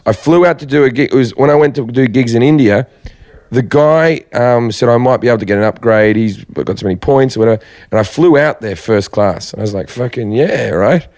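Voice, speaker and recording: A man's voice: mid-range voice, fairly quick, darkish tone, dry recording. A man chatting on a comedy podcast who teases the others and tells wry stories. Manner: wry, teasing interjections. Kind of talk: casual comedic chat.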